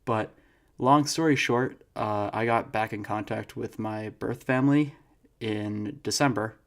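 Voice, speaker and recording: A young man co-hosting a podcast in casual chat, telling stories with animated laughter. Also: on the low side, measured pace. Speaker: podcast co-host.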